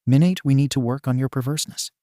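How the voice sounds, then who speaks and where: A man voicing a blunt, tired male teacher in a fan fiction reading, speaking flatly. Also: mid-range voice, fast, no room sound, clean studio sound, lightly acted. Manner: blunt, flat.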